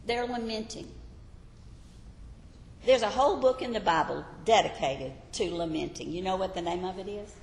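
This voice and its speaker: A woman's voice: on the high side, gravelly, a bit bright, slight background noise. A woman teaching a Bible lesson as a sermon, emphatic, repeating key phrases and questioning her audience. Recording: echoey hall with long reverb.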